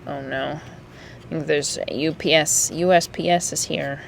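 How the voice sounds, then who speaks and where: A woman's voice: low-pitched, steady tone, a little slow, creaky, a little hiss or hum. A woman chatting casually in her own gardening vlog, giggly and easily moved, laughing often. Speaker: gardening vlogger. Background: music.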